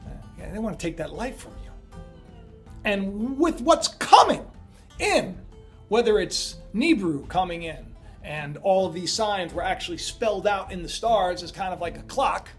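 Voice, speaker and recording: Over soft background music, a man with a high voice and lively intonation talks at a moderate pace. He hosts a prophecy video, rambling through a chatty monologue on end-times signs, full of fillers and asides.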